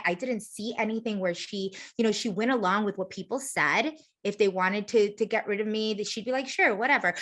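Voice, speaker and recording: A young adult woman, a guest in a casual interview, telling lively stories, acting out other people's voices and swearing now and then. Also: medium pitch. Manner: animated storyteller, acts out quoted voices, uses swear words. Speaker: interview guest, former reality show contestant.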